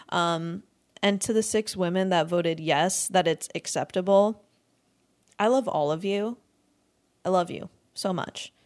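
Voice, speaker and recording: A young woman hosting a podcast, ranting in a crude, exasperated comedic monologue, swearing freely and breaking into laughter often. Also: lowish voice. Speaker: podcast host.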